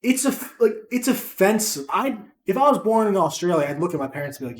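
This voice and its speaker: A man co-hosting a podcast, chatting casually with animated, profane rambling jokes. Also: high voice, quick pace, reverberant. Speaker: podcast co-host. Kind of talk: casual chat.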